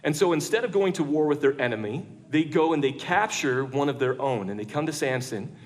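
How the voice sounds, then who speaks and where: A man preaching a lively storytelling sermon to an audience in a large church room, jokey and conversational. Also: on the high side, a little fast.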